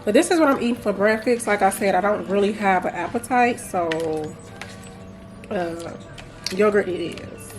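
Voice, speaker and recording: A woman's voice: medium pitch, moderate pace, music in the background. A young woman chatting casually to camera as a vlogger at home, playful and laughing easily. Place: home, indoors.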